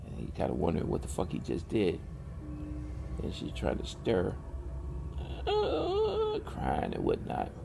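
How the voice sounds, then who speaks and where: A man's voice: sits low, vocal fry, noisy background. A man casually narrating a horror story in a drawling, colloquial way with loose grammar.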